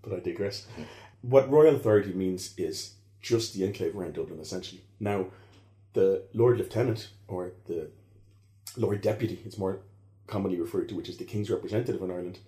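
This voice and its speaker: A historian guest explains history conversationally, rambling, digressing, and correcting himself as he goes. His voice sits low and sounds mellow, moving briskly in an echoey room.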